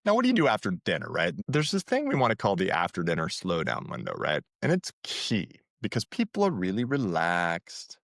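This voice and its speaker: A man's voice: low voice, huge pitch swings, brisk, gravelly, hardly any pauses, fairly bright tone, no echo, studio quality. A man hosting a dating-advice podcast, talking in a casual coaching tone, asking "right?" again and again and hyping up his listeners. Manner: hypes listeners, asks "right?" constantly; acts out sample lines in a livelier voice.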